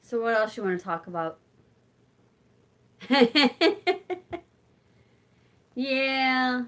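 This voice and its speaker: Chatty and relaxed, this channel host, a woman in her forties, responds to viewers on a live stream and turns to talk to her cat in between. Her voice is high and a bit bright, with big pitch swings and drawn-out words.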